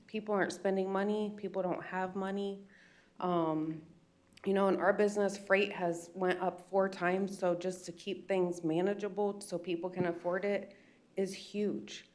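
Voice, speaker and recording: A woman's voice: mid-range voice, little pitch movement, normal speed, darkish tone. A woman with an American accent, a business owner making an upset, emotional public comment at a county meeting. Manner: upset, pleading, retells phone calls.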